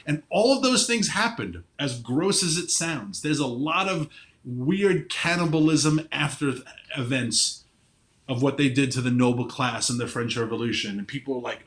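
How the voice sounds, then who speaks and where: A man in a mid-range voice makes his case with driving emphasis, restarting his words as he presses his point. He speaks in an animated, conversational way as a podcast guest. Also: medium pitch, normal speed. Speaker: podcast guest, energy advocate. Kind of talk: impassioned conversational argument.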